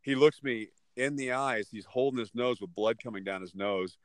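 A middle-aged man and father telling a story in casual chat, blunt and animated, cursing freely. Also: mid-range voice, normal speed, no room sound.

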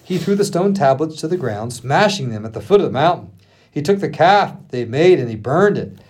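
A male pastor reading scripture aloud on a podcast, acting out the quoted speech and pausing for the odd aside. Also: fairly high pitch, slightly rough. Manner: expressive reading, acting out the quotes with laughs between.

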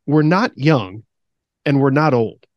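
A man's voice: medium pitch, lively intonation, slow pace, dry recording, muffled recording. Guy in his 30s on a podcast, voice bounces up and down a lot, dry close sound, rambling storyteller. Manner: rambling storyteller, laughs often. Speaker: podcast co-host. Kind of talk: casual chat.

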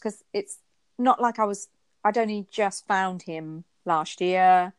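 A woman co-hosting a casual chat, telling stories with lively bursts when she quotes herself. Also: slow, smooth, dry recording. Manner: animated storyteller, jumps high for quoted exclamations. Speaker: podcast co-host.

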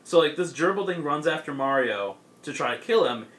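A man's voice: fairly high pitch, animated, fairly quick, fairly bright tone. A young man in a casual chat, rambling through a comic's plot with lots of fillers and laughs. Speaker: podcast co-host.

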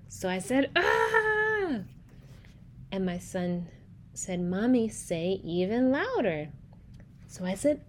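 A woman's voice: mid-range voice, warm tone, slight background noise. A young adult woman hosting a faith-based podcast, telling stories in a chatty way with preacher-like emphasis. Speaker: podcast host.

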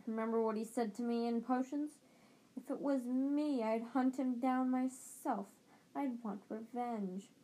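A woman's voice: on the high side, fairly even intonation, measured pace, dark tone, close to an everyday voice, rough recording. A woman voicing a haunted teenage schoolboy who speaks intensely. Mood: upset.

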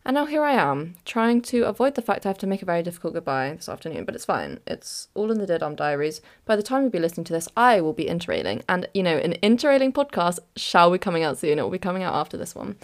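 A woman's voice: on the low side, very animated, quick pace. A young woman hosting a casual solo podcast, chatty and giggly, with dramatic sighs and self-mocking despair. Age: young adult. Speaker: podcast host.

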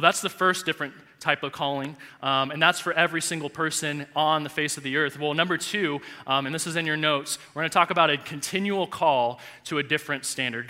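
A male pastor in his thirties preaching a sermon in a large church, telling a personal story with animated, heartfelt delivery. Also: on the high side. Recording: echoey church hall reverb.

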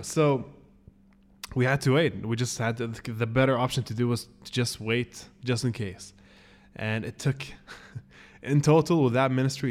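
A man telling a long story on his podcast in an easy, conversational way. He has a mid-range voice and slips into quick impressions of the people he quotes, with his pitch leaping up in disbelief. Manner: animated, acts out quoted people with sudden pitch jumps and laughs. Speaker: podcast host. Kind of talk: casual storytelling.

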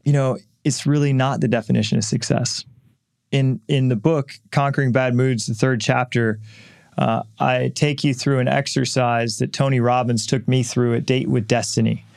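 Man, middle-aged, podcast host, candid reflective monologue, gravelly, dry close sound. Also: medium pitch, fairly even intonation, moderate pace, darkish tone, dry recording. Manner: earnest, candid, frequent fillers and restarts.

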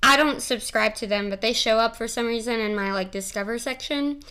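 A young woman rambles through a casual solo podcast, giggly and freely swearing. Her voice is bright and crisp, sitting a little high for a woman. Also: brisk. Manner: rambling, giggly, profane and playful. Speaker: podcast host.

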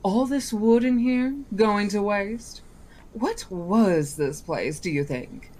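A woman's voice: mid-range voice, slow pace, a little mellow, pitched above the performer's own voice. A woman voicing a sly, mocking male genie disguised as a boy, who talks in a coaxing, wheedling way.

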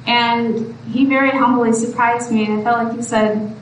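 A woman's voice: a little high, flat delivery, moderate pace. A woman preacher giving a sermon in an earnest, pleading way that rises to exhortation. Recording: echoey room from far off, faint background noise.

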